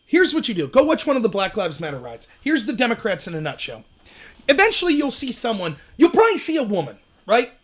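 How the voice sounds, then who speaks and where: Here the host talks fast, his pitch swooping wildly and his tone fairly bright. Alone on his political commentary livestream, he rants emphatically, lampoons opponents by putting on high, shrill voices, and reads and responds to chat with heavy sarcasm.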